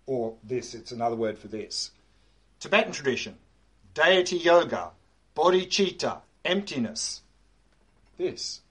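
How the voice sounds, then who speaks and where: A man's voice: mid-range voice, expressive, unhurried, pauses often, a bit bright, breathy edge. A man giving a dharma talk to a class as a meditation teacher. He is emphatic, repeats key words and points to a diagram as he explains.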